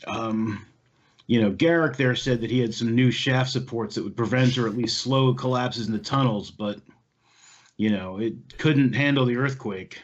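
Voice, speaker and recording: A man's voice: mid-range voice, normal speed, lo-fi sound. A man narrating as dungeon master, loose and full of fillers. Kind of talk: narrating a tabletop game.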